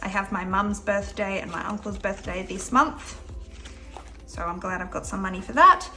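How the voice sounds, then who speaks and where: Australian woman, young adult, Australian accent; crisp bright delivery, chatty and upbeat vlog host. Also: mid-range voice, moderate pace, faint music behind. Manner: chatty and upbeat, counting cash aloud. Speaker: budgeting vlogger. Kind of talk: casual vlog narration.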